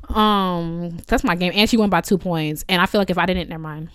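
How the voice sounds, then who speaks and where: A young woman co-hosting a casual chat, dramatic and slangy, often out of breath, with loud laughs and gasps. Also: on the low side, fairly even intonation, brisk, clear, resonant tone, dry recording, clean studio sound. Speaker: podcast co-host.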